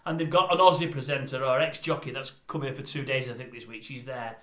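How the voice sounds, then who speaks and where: A man's voice: medium pitch, fairly even intonation, fast, a bit bright, echoey room. An older man who vlogs a blunt, grumbling, repetitive ranting review. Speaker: vlogger.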